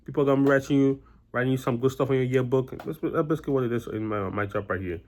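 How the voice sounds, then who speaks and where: Fast, rambling young-sounding man. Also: medium pitch, a little mellow. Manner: rambling, repeats himself with many "you know"s; blunt and exasperated. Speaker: vlogger. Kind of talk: casual monologue.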